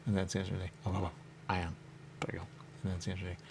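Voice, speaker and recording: Deep gravelly man rambling on and on. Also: completely flat delivery, very fast, darkish tone, slight background noise. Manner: repetitive, drifting, says "there you go" often. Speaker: radio show host. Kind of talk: rambling solo monologue.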